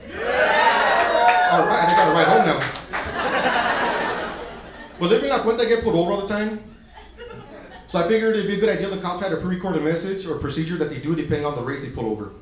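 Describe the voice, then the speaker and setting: A man doing a stand-up comedy set in a comedy club, crude and brash, acting out characters as he goes. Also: a little high. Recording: very echoey live club recording with room noise.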